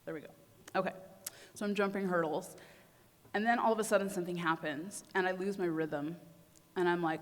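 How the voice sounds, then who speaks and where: A woman's voice: fairly low pitch, normal speed. A young adult woman giving a conference talk, telling a personal story and acting out her own inner voice with feeling. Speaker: conference speaker. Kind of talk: personal story told to an audience. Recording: long hall reverb.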